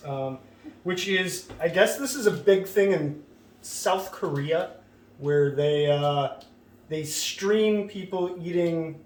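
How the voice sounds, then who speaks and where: A man with a higher voice rambles offhand through a casual food vlog, full of fillers. he sounds roomy and distant from the mic. a faint hiss sits under him. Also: darkish tone. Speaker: host. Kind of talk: casual chat, comedy skit.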